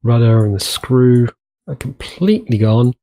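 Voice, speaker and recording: With a warm, expressive mid-range voice at a measured pace, a young gaming host narrates a casual let's-play. He talks to himself as he goes, rambling and repeating words.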